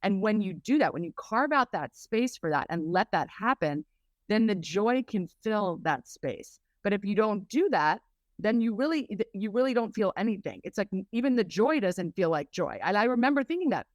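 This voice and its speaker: A woman coach being interviewed on a podcast, talking in a lively way and acting out quoted voices. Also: medium pitch, moderate pace, no echo. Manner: lively and animated, acts out quotes in raised voices. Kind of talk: conversational interview.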